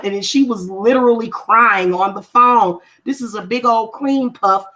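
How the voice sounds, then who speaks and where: A woman's voice: a little high, normal speed, hardly any pauses, pushed and bright. A woman who reads and does spellwork, talking casually to viewers in a confrontational, emphatic way and repeating her points for stress. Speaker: spiritual practitioner and reader. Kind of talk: casual livestream talk to viewers.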